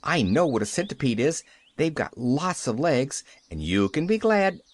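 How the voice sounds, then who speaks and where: A man's voice: mid-range voice, big pitch swings, moderate pace. A man reading an audiobook, voicing a cheerful, chattering eleven-year-old orphan girl who rambles eagerly. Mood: gleeful. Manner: eager, rambling, breathless reasoning. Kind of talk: audiobook character voice.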